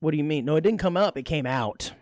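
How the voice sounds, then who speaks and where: A man co-hosting a community radio show, chatting casually with wry, teasing banter and a dry, deadpan streak. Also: fairly high pitch, quick pace, dry recording. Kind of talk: casual chat. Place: radio studio. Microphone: studio microphone.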